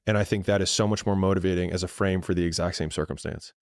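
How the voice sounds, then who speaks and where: A man's voice: low voice, steady tone, fast talker, vocal fry. A man in casual conversation, reflective and loose-tongued.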